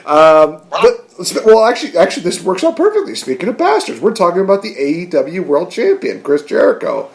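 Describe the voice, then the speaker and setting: A man hosting a podcast, chatting excitedly, laughing and rambling as he recaps. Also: high-pitched, brisk, creaky, hardly any pauses. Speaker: podcast host. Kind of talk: casual chat.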